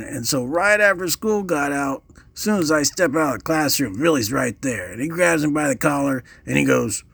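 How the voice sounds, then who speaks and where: A man playing a doctor, telling a rambling, earnest, self-serious story in a deadpan comedic monologue. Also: mid-range voice, gravelly, no echo. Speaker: comic doctor character.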